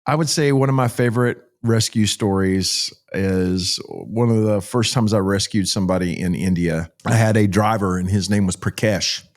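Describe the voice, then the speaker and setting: A middle-aged pastor from Texas speaks. He tells his stories in a folksy, animated way, often restarting his sentences. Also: fairly low pitch, normal speed, hardly any pauses. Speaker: pastor and child rescuer. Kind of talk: interview storytelling.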